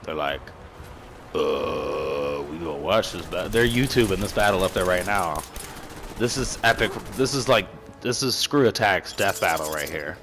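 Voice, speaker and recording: A young man giving casual, rambling commentary over a game recording, excitable and swearing freely. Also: fairly low pitch, moderate pace, noisy background. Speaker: gaming commentator.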